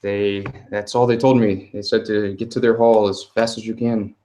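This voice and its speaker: A man plays a timid young village boy delivering a message, polite and a little scared. The voice sits low and fairly flat, close to the man's own. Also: moderate pace, lightly acted. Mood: earnest. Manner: polite, hesitant, eager to please.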